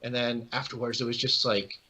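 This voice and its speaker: A man's voice: mid-range voice, fairly quick, rough recording. A young man, a guest actor, telling casual stories and acting out the voices of the people in them. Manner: animated, acts out quoted voices. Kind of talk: casual storytelling.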